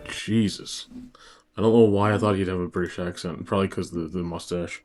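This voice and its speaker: A man's voice: low-pitched, fairly even intonation, brisk, darkish tone, soft background music. A man co-hosting a reaction video, chatting casually and laughing sheepishly. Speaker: reaction channel host.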